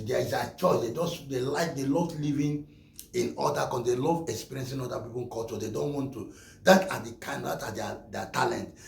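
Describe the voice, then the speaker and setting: A Nigerian man delivers impassioned commentary, hammering points home through repetition. His voice has a gravelly rasp. The room is echoey, with faint ambient noise behind him. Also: medium pitch, a little mellow. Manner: emphatic, repeats phrases, acts out dialogues.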